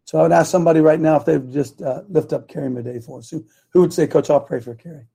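A man's voice: a little high, fast, gravelly, mellow, husky. A man hosting a live talk show, rambling and losing his train of thought as he speaks.

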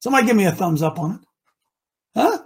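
A preachy male talk show host from Ohio with a husky voice. He talks emphatically, breaking out into shouts and then dropping low. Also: expressive, racing. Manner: emphatic and preachy, swinging between shouting and mutters.

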